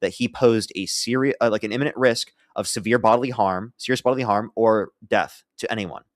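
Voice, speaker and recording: A man's voice: fairly low pitch, fairly quick, dry recording, studio quality. A man hosting a live-stream debate, blunt and profane, pressing his opponent and reading out donor thanks.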